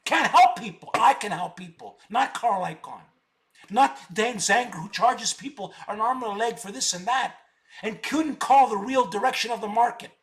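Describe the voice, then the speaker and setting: High-pitched guy ranting on his trading livestream, bragging, hammers the same words over and over. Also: moderate pace, a bit bright. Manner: boastful, combative, repeats words for emphasis. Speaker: stock options streamer. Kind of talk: live stream monologue.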